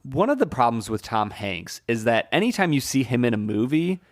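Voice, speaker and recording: A man's voice: medium pitch, very animated, fairly quick. Jokey, opinionated man co-hosting a podcast. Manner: opinionated, jokey, repeats words when starting sentences. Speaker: podcast co-host. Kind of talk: casual film discussion.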